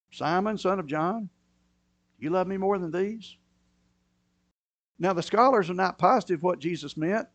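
A man preaching a sermon, moving between quiet, low asides and loud, emphatic bursts. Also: no room sound, lo-fi sound. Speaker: pastor.

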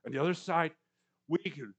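A man in his sixties preaching a conversational sermon, repeating words for emphasis and swinging between loud and hushed lines. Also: a little high, moderate pace, husky. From Canadian or US prairies. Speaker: pastor.

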